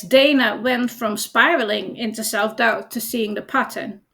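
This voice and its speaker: A woman coach reading a chat reply aloud in a gentle, reassuring way and explaining it on a product demo. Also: on the high side, gravelly.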